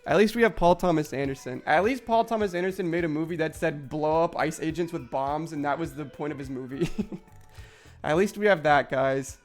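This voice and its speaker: A young man with a high voice, chatting casually on a live stream. He rants with frustration, swears often and fills his talk with "like". Faint music plays under him. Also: normal speed. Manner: frustrated ranting, heavy swearing, many "like" fillers. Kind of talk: casual live-stream chat while gaming.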